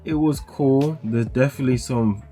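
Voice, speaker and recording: Laid-back young man, mellow voice. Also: medium pitch, normal speed, faint music behind. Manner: rambling, heavy use of "like" fillers. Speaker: music reaction host. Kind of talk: casual music reaction commentary.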